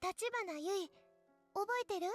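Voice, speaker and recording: A woman's voice: very high-pitched, moderate pace, dry recording, soft background music. A woman voicing a cheerful, eager teenage schoolgirl in a visual novel. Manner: bright, eager, coaxing. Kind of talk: Japanese visual novel voice acting.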